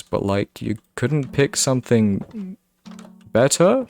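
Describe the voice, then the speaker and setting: A man's voice: medium pitch, lively intonation, unhurried, darkish tone, dry recording, clean studio sound. A young man with a British accent, a streamer chatting casually and rambling with his viewers. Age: young adult. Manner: rambling, self-interrupting, laughs often.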